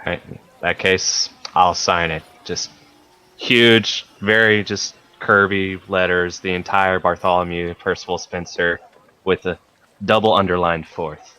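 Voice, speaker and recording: A man's voice: low-pitched, fairly even intonation, measured pace, sharp tone, clear, resonant tone. A man playing a tabletop game, describing his character's exaggerated actions in a playful, hammy way. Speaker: player.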